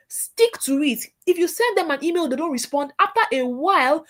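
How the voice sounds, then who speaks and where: A woman giving a workshop lecture to trainees in a lively, scolding way. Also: high-pitched, brisk, few pauses. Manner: lively, scolding, acts out caller voices.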